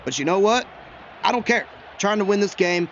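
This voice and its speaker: High-voiced chatty man commenting on gameplay. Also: normal speed, highs cut off, slight background noise. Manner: chatty, excitable, talks to himself while he plays. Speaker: gaming YouTuber.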